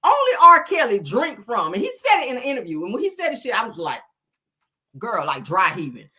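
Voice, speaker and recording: Woman, middle-aged, host, casual chat, husky, bright tone, animated, profane. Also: on the high side, brisk.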